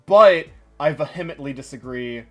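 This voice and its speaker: A young man co-hosting a casual stream chat, rambling and excitable, swearing often as he talks. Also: on the high side, normal speed, dull audio, faint music behind. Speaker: stream co-host.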